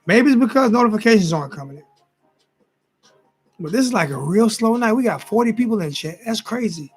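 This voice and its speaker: A man in his forties hosts a casual late-night sports talk livestream, sounding tired as he rambles, repeats himself, and speaks directly to his chat. His high voice is animated, a little fast, and slightly rough, with soft background music.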